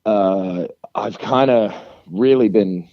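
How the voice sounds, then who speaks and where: A man playing a deadpan prank caller who poses as a famous game creator, talking in a halting, hesitant way. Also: fairly low pitch, no room sound, highs cut off.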